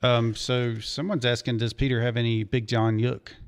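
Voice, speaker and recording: A man hosting a casual interview stream, relaying viewer messages and adding short memories in a relaxed way. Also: mid-range voice, moderate pace, clean tone. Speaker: host.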